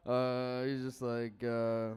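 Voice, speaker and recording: A man doing a stand-up comedy set, halting and self-deprecating, laughing at his own jokes. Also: medium pitch, darkish tone, clean tone.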